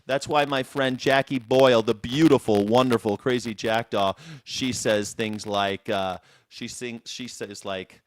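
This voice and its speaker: A man's voice: on the low side, a little slow, few pauses, no room sound. Rambling, playful male show host. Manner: rambling, playful, with many restarts. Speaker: host of a call-in news reaction show. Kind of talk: casual live-stream chat. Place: seated indoors.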